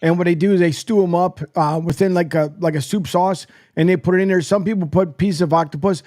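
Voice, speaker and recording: A man with a high voice chats on sports radio, telling lively stories and laughing often. The sound is dry and close to the mic. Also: fast, no room sound. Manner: laughs often, animated storytelling. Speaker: co-host. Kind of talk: casual sports radio banter.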